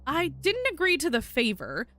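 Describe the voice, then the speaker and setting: A woman's voice: high-pitched, huge pitch swings, normal speed, pushed and bright, voice pushed up, heavily acted. A woman voicing an earnest, reasonable frog detective in a game, close to her own voice. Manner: earnest, reasonable, mildly flustered. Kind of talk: voice acting a game character.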